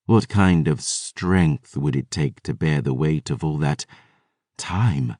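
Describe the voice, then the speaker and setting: A man reading an audiobook voices a grave vampire woman with a soft, hushed, solemn way of speaking. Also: extremely low pitch, slow pace, no echo, studio quality, full character voice.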